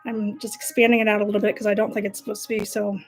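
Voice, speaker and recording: A woman's voice: mid-range voice, level tone, very fast, soft background music. A young adult woman chatting casually while she draws, self-mocking and laughing often. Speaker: art vlogger. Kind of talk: casual narration while drawing.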